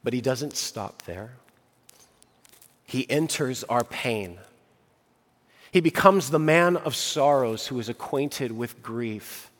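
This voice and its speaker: A man preaching a sermon earnestly, building emphasis and slowing on key phrases. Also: medium pitch, expressive, in a large hall. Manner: earnest preaching with rising emphasis and slow pauses. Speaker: pastor.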